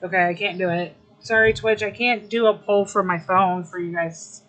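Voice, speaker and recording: A woman's voice: mid-range voice, steady tone, normal speed, fairly bright tone, poor audio. A young adult woman livestreaming, chatting casually with her viewers, emotional and grateful. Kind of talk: casual live-stream chat.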